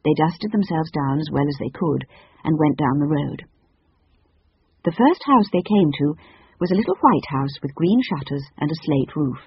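Husky storybook narrator, dull recording. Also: mid-range voice, no room sound. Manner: even, measured reading.

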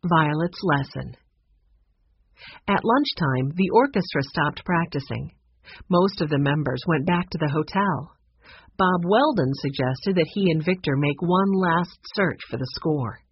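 A woman narrating a children's chapter book with expressive, clear storytelling. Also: low-pitched, measured pace, dry recording. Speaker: audiobook narrator. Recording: dull lo-fi recording.

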